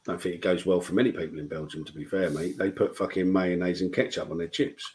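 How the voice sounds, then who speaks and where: A man's voice: low voice, steady tone, fast, a little mellow, a little hiss or hum, poor audio. A man co-hosting a casual football chat show, blunt and sweary. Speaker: podcast co-host.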